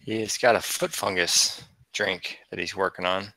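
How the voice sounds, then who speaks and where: A man running a tabletop game online as game master, relaxed and chatty, laughing often. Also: deep voice, unhurried, creaky, no echo. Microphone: online voice chat.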